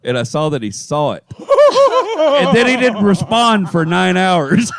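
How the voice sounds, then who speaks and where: A Texan man telling a story on a podcast, laughing often as he goes. His voice is fairly high and swings widely in pitch. The sound is close and dry. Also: sing-song, unhurried, creaky, dry recording. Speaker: podcast co-host and voice-over artist.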